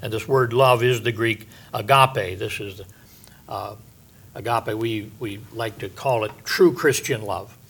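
An older man preaching a Bible-teaching sermon as a pastor, conversational and folksy, with homey asides, frequent fillers, and drawn-out stresses on key words. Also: fairly low pitch, fairly bright tone, breathy edge.

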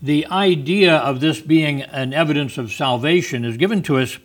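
A man's voice: on the high side, moderate pace. A man teaching a Bible study. He explains word meanings, repeats phrases, and often restarts with ums.

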